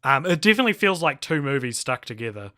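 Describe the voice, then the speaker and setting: A man's voice: medium pitch, big pitch swings, quick pace, sharp tone. A man co-hosting a podcast, recapping a horror film in rambling casual chat with fillers and restarts. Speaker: podcast co-host.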